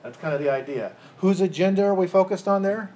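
Poor audio captures a brisk, high-sitting, dark-toned male voice. He's a pastor preaching live to a congregation, questioning the room and repeating words as he restarts his phrases.

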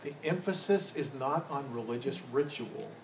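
A pastor preaches a sermon to a live congregation, putting questions to the room and repeating words as he restarts phrases. His medium-pitched voice is expressive and moderately paced, with background noise.

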